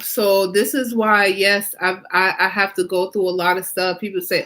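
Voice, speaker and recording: A woman's voice: mid-range voice, normal speed. A woman hosting her own fashion vlog, talking in a casual, emphatic way and repeating phrases for emphasis. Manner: emphatic and animated, with many rhetorical questions and fillers. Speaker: fashion designer and vlog host.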